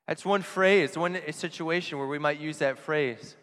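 A priest giving an earnest Christmas homily, asking rhetorical questions and dropping softly on key phrases. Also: male voice, fairly high pitch, measured pace, few pauses. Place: church. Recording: long church reverb.

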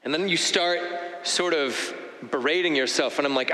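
A man giving an earnest, reflective personal testimony. He talks in halting phrases, often restarting and repeating himself. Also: fairly high pitch, sharp tone. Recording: echoey hall with long reverb.

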